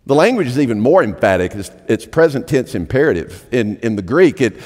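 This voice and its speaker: A male pastor preaching a sermon in a church, emphatic and animated, often repeating phrases as he presses a point. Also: medium pitch, brisk. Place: church sanctuary. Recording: long hall reverb.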